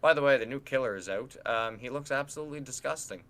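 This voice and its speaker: Bright-voiced young man telling stories. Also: medium pitch, fast talker. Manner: animated storytelling, acts out quotes, swears. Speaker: podcast co-host and streamer. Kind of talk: casual chat.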